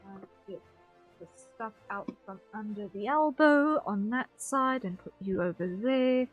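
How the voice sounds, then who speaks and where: A woman's voice: mid-range voice, measured pace, phone-quality sound, soft background music. Rambling young woman streaming a game. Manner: rambling, self-correcting, laughs at herself. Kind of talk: casual gameplay commentary.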